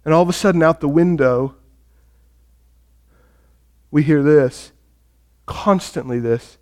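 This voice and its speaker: A man's voice: fairly high pitch, slow pace, long pauses, a little mellow. A male pastor preaching a sermon and retelling a story with drama, speaking directly to the congregation.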